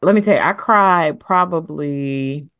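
A woman co-hosting a podcast, talking in casual chat in an expressive, emphatic way. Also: low-pitched, a little slow, no echo. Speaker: podcast co-host.

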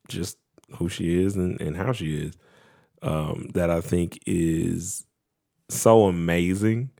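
Brief: man, very low voice, rambling easygoing podcast co-host. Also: gravelly, a little mellow. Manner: rambling, many "like" fillers and restarts. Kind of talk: casual chat.

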